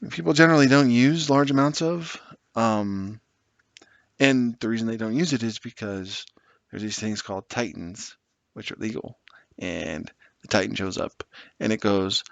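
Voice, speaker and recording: A man's voice: medium pitch, no room sound, highs cut off. A man rambling sarcastically and with exasperation as he builds a tabletop wargame army list, swearing now and then. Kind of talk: casual commentary while building an army list.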